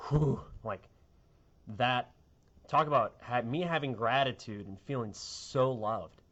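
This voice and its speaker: A man's voice: mid-range voice, unhurried, a bit bright, dull audio. A middle-aged man, a TV meteorologist, chatting casually and rambling on air in a sentimental way.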